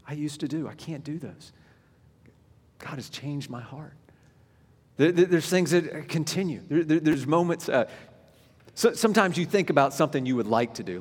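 Male pastor, mid-range voice, chatty sermon delivery with hushed asides, recorded with long reverb in a church. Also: mid-range voice. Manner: conversational storytelling, drops to near whispers.

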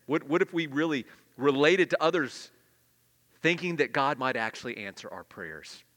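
A middle-aged male pastor preaching a sermon, swinging between loud emphatic peaks and hushed confessional asides. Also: on the high side. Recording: long hall reverb.

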